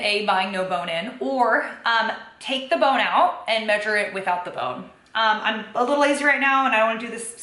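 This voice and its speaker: A woman's voice: mid-range voice, sharp tone. A young woman vlogging a casual cooking and food-tracking walkthrough in her home kitchen, talking loosely with lots of ums and kindas. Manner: chatty, many fillers like um and kinda. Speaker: fitness vlogger. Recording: echoey kitchen with faint ambience.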